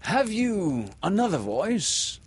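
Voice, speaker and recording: A man's voice: high voice, very animated, slow pace, a little hiss or hum, pitched above the performer's own voice, heavily acted. A man reading aloud and putting on the voice of a blustering pirate captain who barks orders and fires questions. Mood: questioning.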